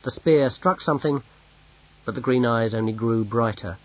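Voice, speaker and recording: A man narrating an audiobook in a measured storytelling manner. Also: mid-range voice. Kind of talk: scripted narration. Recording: dull lo-fi audio.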